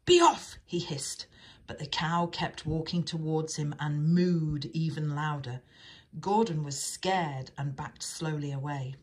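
A woman's voice: deep voice, steady tone, a little slow, a little mellow, breathy edge. A woman reading a children's storybook aloud, adding chatty asides of her own.

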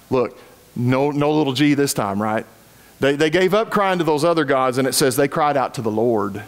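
A man's voice: mid-range voice, animated, normal speed. A middle-aged man preaching a sermon and reading scripture aloud, with folksy, chuckling asides to his congregation and frequent restarts. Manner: stumbles and repeats words as he talks. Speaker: pastor.

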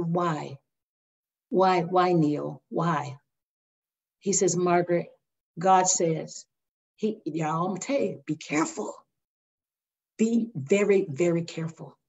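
An older woman minister sharing her testimony in a faith interview, telling it with lively storytelling and acting out the voices. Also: lowish voice, normal speed. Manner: animated storytelling, acts out voices, addresses listeners as y'all. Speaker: guest minister. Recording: dull lo-fi sound.

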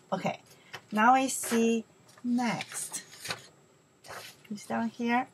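A woman teaching beginner Chinese, saying each word slowly and asking the listener to repeat it, with soft-spoken English asides. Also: fairly high pitch, slightly rough. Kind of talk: slow beginner language lesson.

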